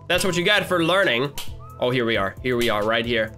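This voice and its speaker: A man hosting a gaming channel, giving excitable, playful gameplay commentary with lots of giggling and teasing. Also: mid-range voice, normal speed, faint music behind.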